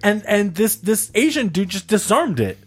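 A young man on a casual podcast, telling a story in an animated way and laughing often. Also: moderate pace, slightly rough, soft background music. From Canada. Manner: animated storyteller, jumps high for quoted voices, laughs often. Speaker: podcast co-host.

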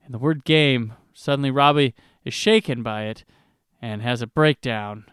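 A man's voice: mid-range voice, moderate pace, fairly bright tone, smooth, no echo, clean studio sound. A man casually recapping a film's plot as a podcast co-host, with wry asides. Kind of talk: casual movie recap chat.

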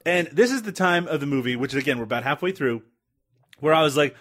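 A man's voice: fairly high pitch, lively intonation, fast talker, fairly bright tone. A man co-hosting a casual movie commentary show, joking, swearing and laughing often. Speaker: movie review podcast co-host.

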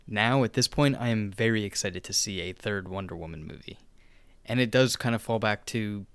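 Young dude on a podcast, lively chatter, clean dry voice. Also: male voice, lowish voice, clean tone, dry recording. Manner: animated, mimics characters in quoted asides. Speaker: podcast co-host. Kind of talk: casual chat.

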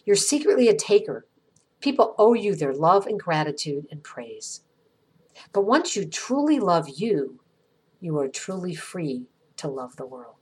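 A middle-aged woman from the United States hosting an inspirational podcast, reading a gentle, earnest script with reflective pauses. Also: mid-range voice, husky. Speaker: podcast host.

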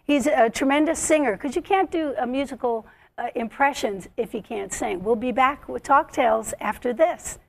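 High-voiced bubbly woman host. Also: moderate pace, creaky. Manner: bubbly, laughs often, eager questions. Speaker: talk show host. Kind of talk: casual interview.

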